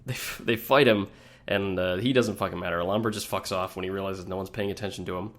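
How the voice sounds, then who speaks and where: A man's voice: low-pitched, steady tone, fast. A man co-hosting a podcast, recapping an episode in a rambling, profane, laughing way. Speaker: podcast co-host. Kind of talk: casual recap chat.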